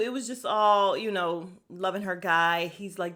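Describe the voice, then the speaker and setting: A woman hosting a podcast, recapping a reality show in a casual, animated and profane way, often laughing, speaking into a podcast microphone. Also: mid-range voice, unhurried. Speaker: podcast host.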